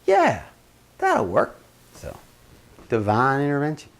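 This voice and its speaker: A man with a middle-pitched voice spins a casual first-person yarn. He is animated, his pitch jumping up and his loudness rising and falling as he tells it. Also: moderate pace. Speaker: storyteller.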